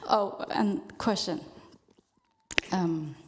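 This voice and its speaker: A woman asking her teacher a question in a halting, hesitant way. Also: fairly low pitch, a little hiss or hum.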